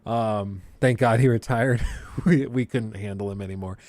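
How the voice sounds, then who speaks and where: A man's voice: fairly low pitch, moderate pace, darkish tone, no echo. A man hosting a livestream, chatting casually and ranting sarcastically, often laughing. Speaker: livestream host. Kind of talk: casual chat.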